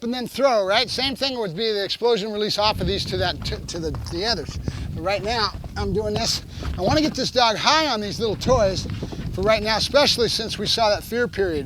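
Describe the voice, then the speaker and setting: A man's voice: high-pitched, noisy background. A man who trains dogs, explaining each step to the camera while working a puppy. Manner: coaching, talks to camera between cues to the dog. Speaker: dog trainer.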